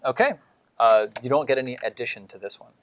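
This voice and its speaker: A woman acting as dungeon master at a tabletop game, calmly explaining the rules to her players. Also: a bass voice, quick pace. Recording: noisy table recording with dice clicks.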